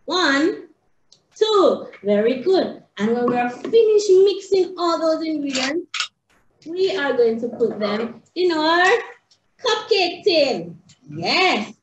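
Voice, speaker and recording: A woman teaches small children in a high, sing-song voice that leaps all over, bursting with excitement. She takes her time between phrases. The recording is roomy and a little dull. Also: slow pace, slight background noise. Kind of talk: animated lesson for young children. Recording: roomy, slightly dull home video.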